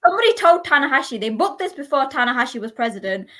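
A young woman chats on a casual podcast, her voice bright and pitched a little high for a woman. She talks in animated bursts, restarting her sentences and joking along with the others. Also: fast talker. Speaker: podcast co-host. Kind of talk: casual wrestling podcast chat.

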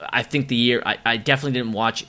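This is a man with a bright, forceful voice, co-hosting a casual movie podcast. He talks excitedly and swears freely, with plenty of ums. His voice sits at an ordinary middle pitch. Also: fast talker. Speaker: podcast co-host.

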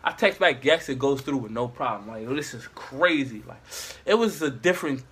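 A man's voice: mid-range voice, lively intonation, brisk, a bit bright, slightly rough. A young man casually telling a rambling, slangy story to friends.

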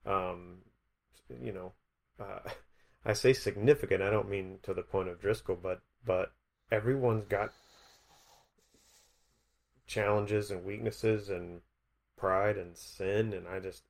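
Slow-talking low-voiced hesitant man. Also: steady tone, vocal fry. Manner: hesitant, restarts often, laughs softly. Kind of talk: casual conversational Bible discussion.

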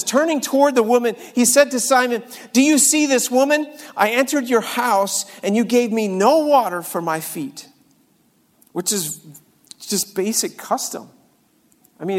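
A man preaching a sermon, moving between quiet scripture reading and fervent, exclaimed prayer. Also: high voice, in a large hall.

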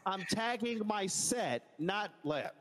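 A man's voice: high-pitched, very animated, slow, fairly bright tone, in a large hall. A man hosting a live podcast, chatting casually and joking with loose, profane storytelling. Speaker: podcast host.

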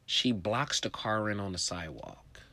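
Male stand-up storyteller: lively, swooping delivery, profane and animated. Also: on the low side, normal speed, no echo. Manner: animated and profane, full of "you know" fillers. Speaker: comedian.

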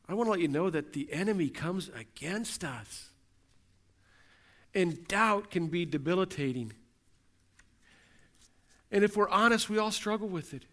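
High-voiced man preaching earnestly. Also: a bit bright. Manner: earnest, repetitive rhetorical questions. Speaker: pastor. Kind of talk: sermon.

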